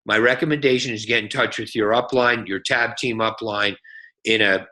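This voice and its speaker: On a team phone call, a male guest speaker delivers an energetic, folksy sales pep talk, often checking in with "okay?" His voice is on the low side and his pace is moderate.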